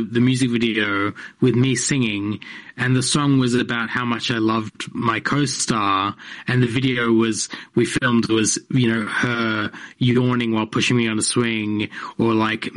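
A man in a radio studio talks loosely about his comedy work. He restarts his sentences, stumbles over words and laughs often, and his voice sits at an ordinary middle pitch. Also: fairly bright tone. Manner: rambling, self-interrupting, laughs often. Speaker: comedian guest. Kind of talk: casual interview chat.

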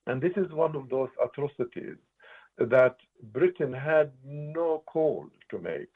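A man's voice: medium pitch, expressive, unhurried, slightly rough. Older man on a tinny line. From Palestine. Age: 80s. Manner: emphatic, earnest, repeats words for stress. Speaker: interviewed writer and political analyst. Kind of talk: impassioned interview answers. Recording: tinny phone-line audio.

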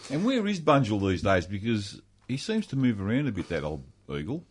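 An Australian man with a very low voice, talking in a relaxed, unhurried way during a casual chat. His tone stays easy and low-key. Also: slightly rough.

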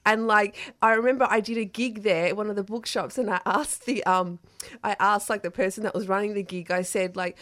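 A woman's voice: medium pitch, fairly even intonation, fairly quick, a bit bright, no room sound, studio quality. A woman poet being interviewed on the radio, talking hesitantly with many fillers and restarts. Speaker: poet guest. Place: radio studio. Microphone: studio microphone.

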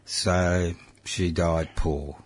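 A man's voice: low-pitched, fairly even intonation, very slow. A man hosting a casual interview, teasing and jokey, laughing often. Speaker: interview host.

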